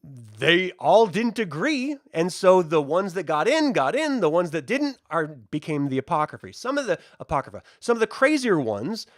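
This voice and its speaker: Animated joking man reviewing films. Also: high-pitched, normal speed, few pauses, dry recording, clean studio sound. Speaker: host. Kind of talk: casual spoiler film review.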